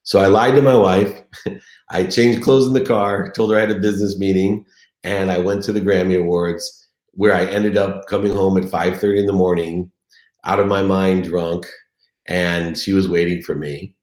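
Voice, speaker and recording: A man's voice: deep voice, fairly even intonation, normal speed, darkish tone. A middle-aged man telling his own story as a motivational speaker, earnest and emotional. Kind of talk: confessional motivational speech. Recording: echoey room.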